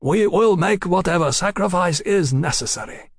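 A man voicing an earnest, idealistic young foreign envoy who speaks in slow, emphatic declarations. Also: on the high side, expressive, no room sound, clean studio sound, pitched above the performer's own voice.

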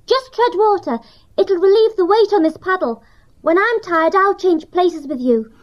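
Man doing a high-pitched young girl mouse. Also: normal speed. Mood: urgent. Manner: high and urgent calling. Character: brave young female mouse. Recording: dull lo-fi recording.

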